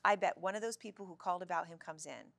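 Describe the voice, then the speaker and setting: A woman reading the lines of an eager, chatty young girl who loves animals, in a bright and eager way. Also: lowish voice, fast talker, gravelly, no room sound.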